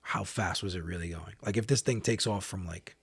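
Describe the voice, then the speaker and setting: A man's voice: low voice, brisk, vocal fry, a bit bright, husky, dry recording. A man co-hosting a podcast in casual chat, rambling and restarting his sentences. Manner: rambling, restarts and trails off into asides. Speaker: podcast co-host.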